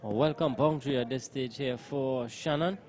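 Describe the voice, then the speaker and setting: A man's voice: medium pitch, moderate pace, background noise. Male cricket commentator calling each ball.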